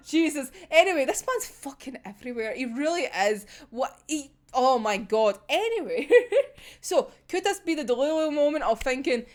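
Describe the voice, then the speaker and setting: A woman's voice: high voice, expressive, moderate pace. A young woman reacting to a manga chapter in casual chat, swearing freely and laughing often. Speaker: manga reviewer.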